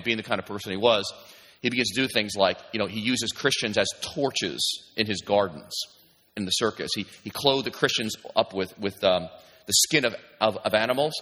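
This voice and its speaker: A male pastor preaches in a relaxed, conversational way, often stopping to restart with "you know." His voice is bright and forceful, and a long reverb trails each phrase as it rings through a church hall. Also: medium pitch. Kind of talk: sermon. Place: church sanctuary.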